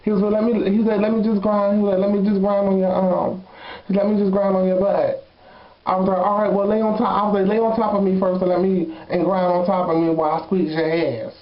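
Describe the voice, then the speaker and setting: A man's voice: high voice, level tone, fast, close to an everyday voice. A man voicing a sassy, blunt young woman who frankly tells a comic dating confession and laughs between lines. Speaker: storyteller. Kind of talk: comedic confession monologue. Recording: roomy, slightly dull recording.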